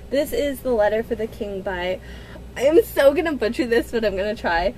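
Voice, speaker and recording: A woman in her twenties, gushing and excitable in a casual unboxing vlog at home, with gasps and squeals. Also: fairly high pitch, normal speed, slight background noise. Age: 20s. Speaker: book vlogger.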